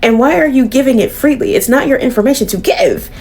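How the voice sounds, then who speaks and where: A woman reviewing comics in a casual recap, animated and swearing freely. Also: high-pitched, fast, soft background music.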